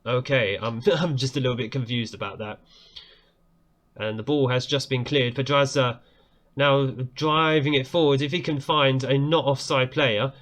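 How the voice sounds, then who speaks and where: Man, casual game commentary, animated, quick to exclaim and laugh. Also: medium pitch. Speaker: gaming YouTuber.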